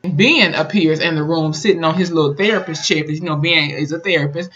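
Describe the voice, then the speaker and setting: A YouTuber recapping a horror episode in a casual, profane, animated way, full of sassy asides. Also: mid-range voice, fast talker, highs cut off, soft background music. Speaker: TV episode reviewer.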